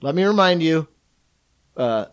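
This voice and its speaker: Profane storytelling man, slightly high voice. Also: lively intonation, a little slow, clear, resonant tone. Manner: profane storytelling, mimics people he met. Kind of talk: casual podcast chat.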